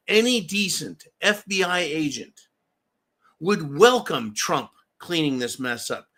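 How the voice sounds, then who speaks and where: A man's voice: fairly high pitch, pushed and bright. A middle-aged man hosting a show, delivering a combative, profane political rant. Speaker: host. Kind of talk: political commentary monologue.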